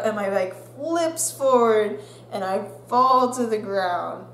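A young adult woman vlogger telling a story, animated and laughing, acting out the quotes. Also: mid-range voice, slow. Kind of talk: storytime vlog. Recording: roomy echo with faint hum.

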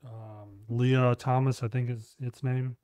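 A man's voice: mid-range voice, little pitch movement, slow, a little mellow, no room sound, clean studio sound. Blunt, rambling man on a podcast. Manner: blunt, rambling, swears casually. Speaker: podcast co-host. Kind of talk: casual chat.

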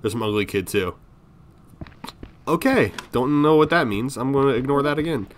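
A man's voice: mid-range voice, lively intonation, moderate pace, slight background noise. A man giving casual commentary on a horror game, jumpy and swearing, talking to himself and his viewers. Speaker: gaming video creator.

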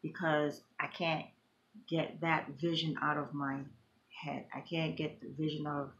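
A woman's voice: deep voice, flat delivery, unhurried, muffled recording, slight background noise. A middle-aged woman vlogging emotionally, talking in an impassioned, repetitive, grieving way. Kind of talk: emotional personal vlog.

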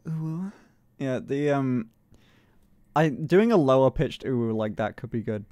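A man's voice: mid-range voice, animated, slow pace, a little mellow. A young man streaming live in casual chat, swearing freely, laughing often and testing out voices. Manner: swears freely, laughs a lot, playful voice experiments.

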